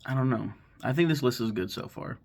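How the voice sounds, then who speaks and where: A man's voice: mid-range voice, creaky, husky. A man in his thirties talking casually to camera, rambling and swearing as he retells plots and acts out lines. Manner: swears freely, rambles, acts out characters' lines in quick voices. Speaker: YouTuber ranking favorite cartoons.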